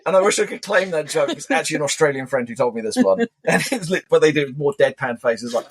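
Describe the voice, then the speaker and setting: Casual co-host, a man with a husky voice and jokey, wandering chat. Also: on the high side, quick pace. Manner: animated, joking, rambling tangents. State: wired on caffeine. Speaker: podcast co-host.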